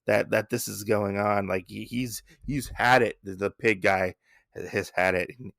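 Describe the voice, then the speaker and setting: A man's voice: fairly low pitch, steady tone, measured pace, vocal fry, fairly bright tone, dry recording, studio quality. A man hosting a podcast, recapping a comic in a rambling, casual way, swearing now and then. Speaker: podcast host.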